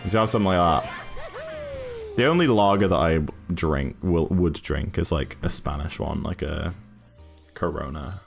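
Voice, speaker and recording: A man from Newcastle, England, with an accent mixing northern and southern English, chats casually while gaming on a stream, rambling with frequent restarts and fillers. His low voice is animated and creaky, his pace moderate, and he pauses often, with faint music behind him.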